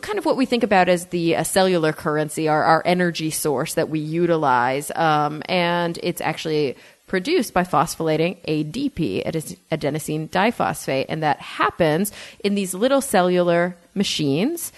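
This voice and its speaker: A woman's voice: low-pitched, expressive, moderate pace, few pauses. A woman co-hosting a podcast, explaining a science term in casual, upbeat chat. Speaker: podcast co-host presenting a word segment.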